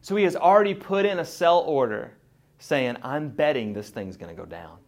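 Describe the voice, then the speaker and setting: A man preaching a sermon in an animated, conversational way, acting out voices as he teaches. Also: medium pitch, moderate pace. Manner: animated, mimics voices, laughs.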